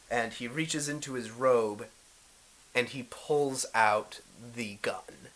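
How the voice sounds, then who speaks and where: Bright-voiced man running a game. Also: medium pitch, takes it slowly, rough recording. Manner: hesitant with many fillers. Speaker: game master. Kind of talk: narrating a tabletop role-play game.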